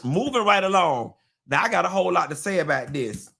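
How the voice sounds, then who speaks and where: A man hosting a live gossip talk show, sassy and animated, with sudden squealing jumps in pitch. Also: a little fast, vocal fry. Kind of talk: live-stream gossip commentary.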